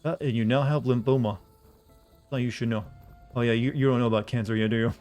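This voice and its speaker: Deadpan male streamer. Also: medium pitch, fast, soft background music. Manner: flat, deadpan delivery. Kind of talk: casual live-stream commentary.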